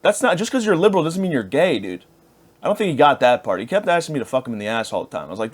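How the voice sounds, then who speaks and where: A man's voice: fairly high pitch, sing-song, racing. A man in his thirties hosting a podcast, rambling through a crude, self-deprecating comedic monologue. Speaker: podcast host.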